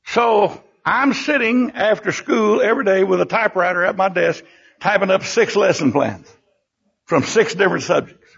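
Speaking at a normal speed, an older preacher shares stories in a sermon from the pulpit, his high voice gravelly and husky as he breaks into lively exclamations. The recording has a dull, lo-fi quality.

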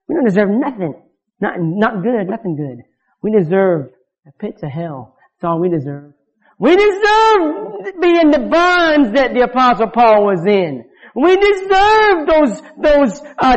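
A male preacher giving a fervent sermon, swinging between loud outbursts and low, quiet lines. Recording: dull lo-fi sound.

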